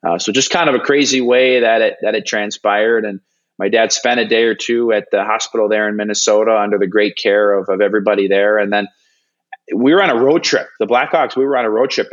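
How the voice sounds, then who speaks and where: A young man with a low voice tells a story in an interview, earnest and animated, acting out what people said. His speech is full of restarts and fillers. The audio is dull and muffled. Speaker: hockey broadcast analyst.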